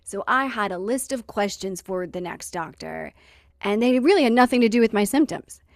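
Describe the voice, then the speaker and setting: A woman's voice: medium pitch, normal speed, gravelly, dry recording, clean studio sound. A woman hosting a podcast, telling stories in a casual, wry way, acting out quotes and laughing along. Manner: lively, wry storytelling with acted-out quotes and laughter. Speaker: podcast host. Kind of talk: casual storytelling chat.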